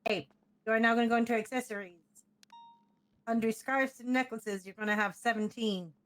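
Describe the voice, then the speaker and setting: Woman, instructing cadets, matter-of-fact, freshly woken, slightly high pitch. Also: fairly even intonation, a little fast. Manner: matter-of-fact, giving step-by-step directions. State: just woke up. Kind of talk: casual role-play instruction.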